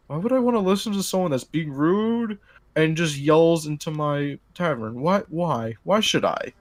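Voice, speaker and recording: A man's voice: fairly high pitch, animated, moderate pace, natural voice. A man voicing a gun-toting tavern barkeep who answers rudeness with indignant, threatening lines in a tabletop game story.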